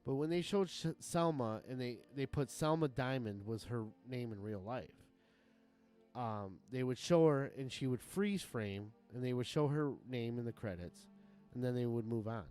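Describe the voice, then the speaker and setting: A man's voice: medium pitch, moderate pace, mellow, clear, resonant tone, soft background music. A man streaming a game live who chats casually, rambling and swearing as he chuckles often, into a desk mic at a home setup.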